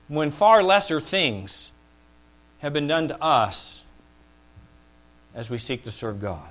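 A middle-aged man delivers a sermon from the pulpit, his voice sitting a little high for a man. He preaches with animation, climbing into loud, excited bursts and then dropping into hushed asides. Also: slow pace, pauses often. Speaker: pastor.

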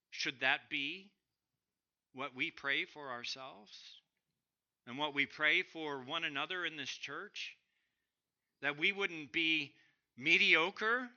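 A man preaching a sermon to his church, swinging between loud emphatic bursts and quiet drops. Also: sits high, dull audio. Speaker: pastor.

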